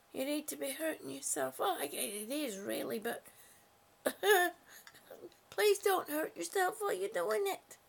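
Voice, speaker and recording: A woman hosting a casual livestream from home, chatting warmly with viewers and reading their comments aloud, with lots of fillers and terms of endearment. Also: high-pitched, creaky. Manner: chatty and affectionate, frequent fillers. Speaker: livestream host.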